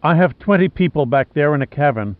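Stranded desperate woman, pleading and soft, voiced by a male narrator, tinny dry audio. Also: fairly high pitch, expressive, brisk, dry recording, natural voice. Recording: dry, tinny phone-like sound.

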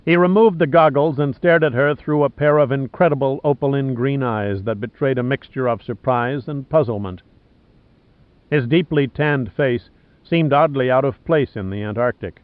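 A man's voice: medium pitch, normal speed, no room sound. Man narrating an audiobook, tinny audio. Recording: dry, tinny phone-like sound.

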